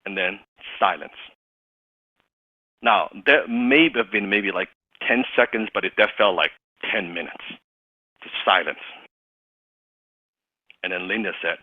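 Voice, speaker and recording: A man telling a personal story as a motivational business speaker, animated, laughing often and stumbling over restarts. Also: on the high side, unhurried, long pauses, no echo. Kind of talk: storytelling talk. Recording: dry, tinny phone-like sound.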